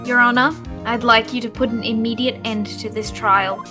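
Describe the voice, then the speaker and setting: A woman voicing a calm, resigned female defendant who speaks quietly and composed, in a group game read-through. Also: fairly high pitch, normal speed, music in the background, close to an everyday voice.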